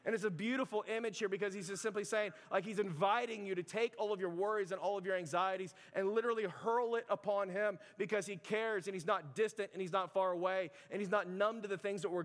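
A man's voice: sits high, steady tone, fairly quick, hardly any pauses, long reverb tail. A man preaching a sermon to his church in an easy, conversational way, full of "like" and "right". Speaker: pastor.

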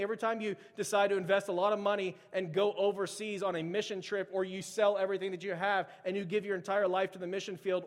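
A man preaching a casual, animated sermon to his church, acting out frightened figures in the story. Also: high-pitched. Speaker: pastor. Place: church sanctuary. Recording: long hall reverb.

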